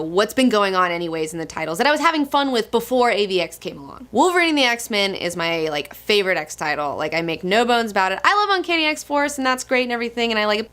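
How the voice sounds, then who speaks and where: A young woman gushes excitably about comic books in casual commentary, swearing frequently. Her voice sits in the mid range.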